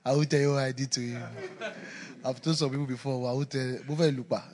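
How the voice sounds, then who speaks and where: A man preaching a sermon, telling stories with laughter and swinging between loud emphasis and quiet asides. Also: medium pitch, fairly even intonation, quick pace, heavy background noise.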